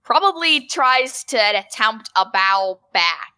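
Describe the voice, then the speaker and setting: A woman's voice: on the high side, lively intonation, takes it slowly, pushed and bright, smooth. A woman playing a tabletop game, casually describing what her character does. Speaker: player.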